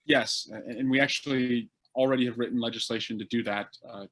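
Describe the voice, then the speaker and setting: A man's voice: mid-range voice, steady tone, fairly quick, fairly bright tone, poor audio. Politician man on video call, loose talk, lots of uhs. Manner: conversational, many "uh" fillers. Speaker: congressman answering audience questions. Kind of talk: casual Q&A answers.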